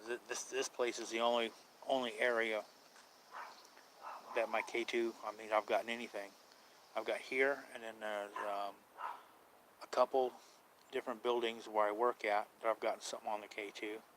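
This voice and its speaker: A man's voice: on the low side, little pitch movement, moderate pace, long pauses, noisy background. A man chatting casually on a live stream about paranormal outings, rambling, unsure and trailing off mid-thought.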